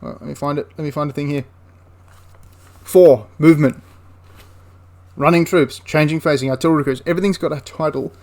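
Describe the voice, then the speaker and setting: A man's voice: a little high, steady tone, brisk, pauses often, darkish tone. A man giving a casual, enthusiastic spoken review of a tabletop wargame, rambling into asides and restarting his sentences.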